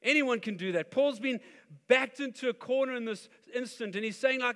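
A man preaching a sermon as pastor, animated and acting out the voices he quotes. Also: very high-pitched, normal speed. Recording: long hall reverb.

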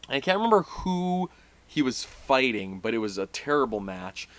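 A man's voice: mid-range voice, big pitch swings, normal speed, fairly bright tone. Rambling male podcast co-host. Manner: rambling, with frequent fillers and restarts. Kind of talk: casual chat.

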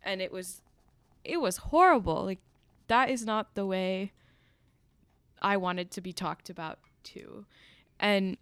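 A young woman, a college student, speaking reflectively and a little haltingly about personal experiences. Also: mid-range voice, steady tone, fairly bright tone, smooth, no room sound. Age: young adult. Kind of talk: candid personal conversation.

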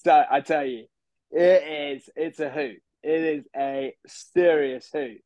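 A man doing a smug young bro, pompous and self-assured, rambling on about himself in a fairly high voice. The sound is close and dry, with no room around it. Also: fairly even intonation, a little slow, warm tone, no echo, lightly acted, rough recording. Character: smug posh young City bro, boastful gym fanatic. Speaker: podcast guest. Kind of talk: improvised character comedy.

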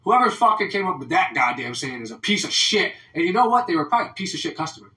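An American man hosting a podcast, ranting loudly and profanely in casual talk, mimicking people in mocking voices. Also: high-pitched, very animated, fast talker. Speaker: podcast host. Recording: roomy, mic at a distance.

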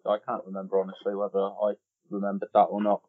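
Rambling man with a husky voice. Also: on the low side, monotone, fast talker, phone-quality sound. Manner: rambling, repeats himself. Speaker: podcast co-host. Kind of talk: casual chat.

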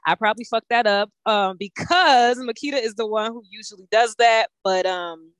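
A woman in her thirties hosting a podcast, chatting casually with lively, profane banter. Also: on the high side, normal speed, no echo. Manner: animated, profane, laughing banter. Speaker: podcast host. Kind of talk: casual chat.

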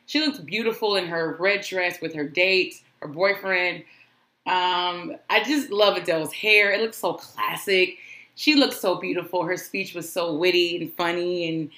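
A woman's voice: lowish voice, a bit bright, echoey room. A woman hosting a solo podcast, chatting in a gushing, rambling way. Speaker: podcast host.

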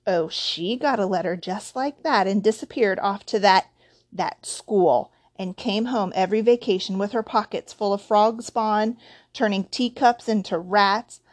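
A woman voicing a shrill, bitter aunt who rants loudly about her family in a storybook reading. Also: unhurried, dry recording, natural voice. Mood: ranting. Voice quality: shrill, loud. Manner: ranting.

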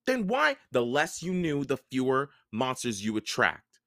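A man voicing a nervous, touchy young male satyr with a high, hesitant voice. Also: huge pitch swings, a little slow, pushed and bright, no echo, clean studio sound, full character voice. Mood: urgent.

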